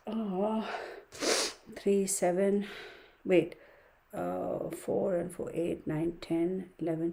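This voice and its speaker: A woman's voice: fairly low pitch, takes it slowly, vocal fry, pauses often, dark tone. A woman hosting a casual tarot livestream, chatting with viewers and muttering numbers under her breath as she works. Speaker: tarot reader livestream host.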